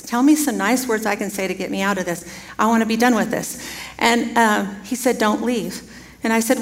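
Woman preacher, fairly high voice, chatty storytelling sermon, long hall reverb. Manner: chatty and laughing, storytelling with quoted dialogue.

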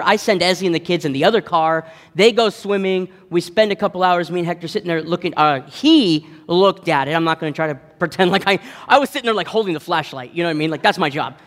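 A man in his thirties, a pastor telling a self-deprecating story in a lively sermon. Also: high-pitched, fairly quick. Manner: animated, self-deprecating, acts out voices in his stories. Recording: long hall reverb.

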